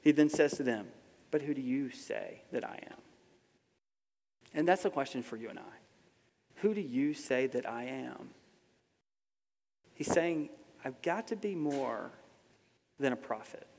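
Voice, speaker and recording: A man preaching a sermon in a casual, conversational way, dropping soft and then rising to emphatic. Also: mid-range voice, lively intonation, a little slow, gravelly, long pauses, slight background noise. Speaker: pastor. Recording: long hall reverb.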